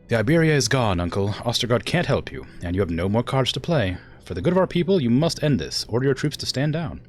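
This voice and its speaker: A man's voice: medium pitch, big pitch swings, quick pace, faint music behind, voice pushed up, lightly acted. A man reading a resolute young woman ruler from a game in an English accent, firm and commanding. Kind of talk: reading game dialogue aloud.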